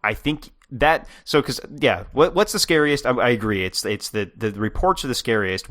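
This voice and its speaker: Brief: low-pitched male podcast co-host, halting casual talk, fillers, chuckles. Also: a bit bright. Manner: hesitant, many fillers and restarts, laughs mid-sentence. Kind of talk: casual chat.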